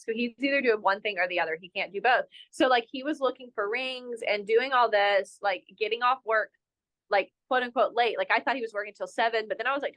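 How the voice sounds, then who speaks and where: Speaking at a fairly high pitch, this young North Carolina woman, who manages a resort, shares a story as a podcast guest. She's lively and pokes fun at herself, leaning heavily on "like" in a casual interview.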